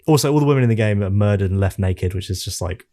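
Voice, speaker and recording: A man co-hosting a casual game-review podcast, telling stories in an animated, exasperated way. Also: fairly low pitch, fast. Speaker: podcast co-host. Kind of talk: casual chat.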